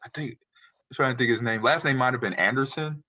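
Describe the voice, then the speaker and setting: A man in his forties, a retired football player, telling animated, rambling stories as a guest in a casual interview. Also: medium pitch, fairly quick. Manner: animated, rambling storyteller who acts out quotes.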